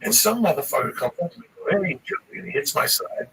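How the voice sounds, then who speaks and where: A man's voice: sits high, big pitch swings, quick pace. A male comedian telling a rambling, profane story full of swearing, recorded on a distant mic with faint background noise. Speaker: stand-up comedian.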